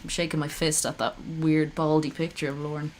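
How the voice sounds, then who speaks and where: A woman's voice: sits low, level tone, moderate pace. A woman streaming live, reacting to a call with sarcastic, profane, rambling commentary.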